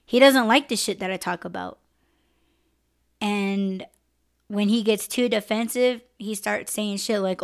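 Slow, emotional woman hosting a live podcast. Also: mid-range voice, creaky. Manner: emotional, candid, swears freely. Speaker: podcast host. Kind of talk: live-stream podcast monologue.

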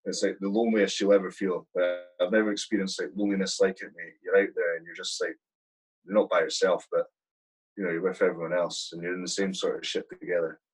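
A man's voice: sits low, little pitch movement, fast talker, slightly rough, rough recording. A man, an army sergeant, telling war stories in a casual interview, swearing constantly and saying "mate" a lot. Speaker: guest, army platoon sergeant.

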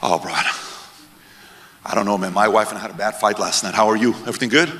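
A man voicing a deflated, dejected fellow who mumbles slowly after a rough night at home, in a reverberant hall. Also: lowish voice, fairly bright tone, pitched below the performer's own voice, natural voice. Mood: glum.

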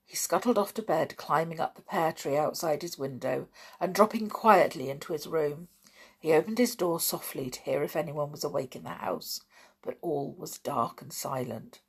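A woman narrating a children's storybook in a soft, measured way. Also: low voice, breathy edge. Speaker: audiobook narrator.

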